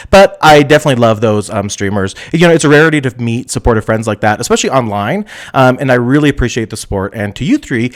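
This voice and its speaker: A young man hosts a live stream in a campy, giggly, sassy manner. His pitch is at an ordinary height but swings widely, jumping up into squeals and dropping down into murmurs. He talks casually and laughs often with his viewers. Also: big pitch swings, fast. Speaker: host of a live stream show.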